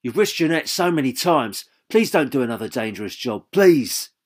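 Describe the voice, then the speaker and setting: A man voicing a decent husband who speaks gently and reassuringly, in an audiobook. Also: mid-range voice, big pitch swings, normal speed, pitched above the performer's own voice.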